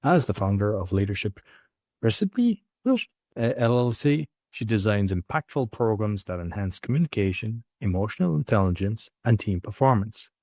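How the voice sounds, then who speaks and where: A man's voice: fairly low pitch, very animated, moderate pace, darkish tone, no room sound, clean studio sound. Irish man hosting a podcast. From Ireland. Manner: informal, rambling asides with fillers. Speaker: podcast host. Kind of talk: casual podcast interview.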